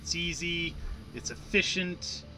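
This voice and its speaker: This gameplay commentator speaks slowly in a fairly high-pitched male voice, offering relaxed, joking remarks to himself as he plays. Music from the game can be heard in the background.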